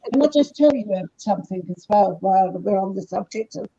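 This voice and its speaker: A woman's voice: medium pitch, lively intonation, a little fast, gravelly, mellow, husky. A woman, a guest on an interview show, chatting and telling stories about her husband. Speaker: guest, comedian's wife. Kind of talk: casual anecdote telling. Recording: dull lo-fi sound.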